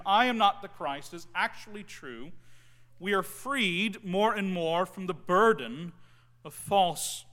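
Bright-voiced man preaching in a reverberant hall. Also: high-pitched. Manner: conversational preaching with frequent ums, phrase ends trailing off softly. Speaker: pastor. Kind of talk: sermon.

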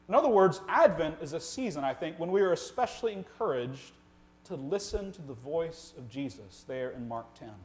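A pastor delivering a sermon in a church sanctuary, his voice sitting a little high for a man. He is earnest, presses his points with rhetorical questions, and moves between loud emphasis and quiet, slowed lines. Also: expressive.

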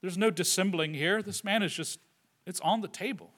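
High, bright-voiced male preacher. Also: normal speed. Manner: earnest, swinging between loud emphasis and quiet asides; addresses the listeners directly with tag questions. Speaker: pastor. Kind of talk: sermon.

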